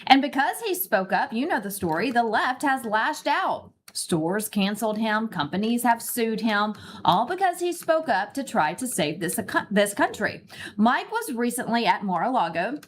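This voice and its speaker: A woman's voice: on the high side, big pitch swings, moderate pace, a little hiss or hum. Woman reading a morning news segment. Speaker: morning show host. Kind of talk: scripted news read.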